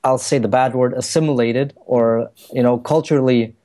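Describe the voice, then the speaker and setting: A man's voice: medium pitch, steady tone, normal speed, dark tone. Laid-back German man chatting casually. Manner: chatty, laughs often, puts on voices to make a point. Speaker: podcast co-host. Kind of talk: casual chat.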